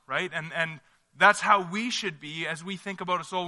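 Earnest male pastor, bright echoey voice. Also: high voice, normal speed. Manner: earnest, conversational, frequent restarts. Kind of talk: sermon.

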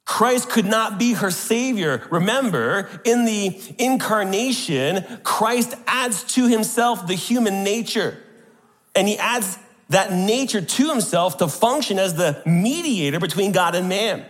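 A man delivers a sermon from a church sanctuary, his voice sitting a little high for a man. He presses his points hard and keeps throwing rhetorical questions at the congregation. The sound carries a long reverb from the big room. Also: lively intonation, measured pace, fairly bright tone. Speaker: preacher.

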